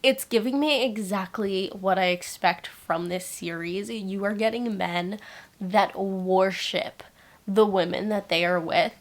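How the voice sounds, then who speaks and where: A young woman chats casually to camera about her reading, her voice sitting at an ordinary middle pitch. She gushes with quick bursts of excitement and keeps the tone loose and friendly. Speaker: book vlogger. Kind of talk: casual reading vlog chat.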